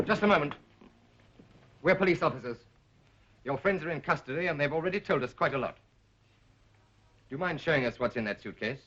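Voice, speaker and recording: An actor playing a skeptical British police officer who speaks in a dry, reasoning way. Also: male voice, on the high side, animated, fairly quick, long pauses, a bit bright, slight background noise. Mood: firm. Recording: dull old film soundtrack.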